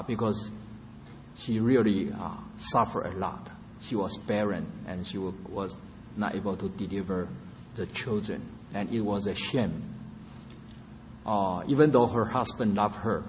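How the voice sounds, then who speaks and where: A man preaching a sermon in a slow, halting way, filling pauses with "uh" and using non-native grammar. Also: lowish voice. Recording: reverberant hall with faint ambient noise.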